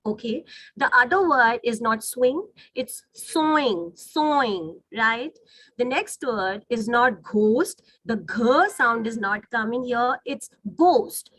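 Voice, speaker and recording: A woman teaches phonetics in an online webinar over a video call, patiently correcting pronunciation slowly and repeatedly checking that the class is following. Her voice is fairly high, bright, and forceful, in a dry, rough recording.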